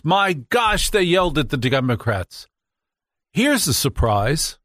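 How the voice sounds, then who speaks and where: A man's voice: medium pitch, sing-song, unhurried, fairly bright tone, no echo. A man hosting a nightly radio talk show, talking into a studio microphone with sarcastic, mock-outraged asides.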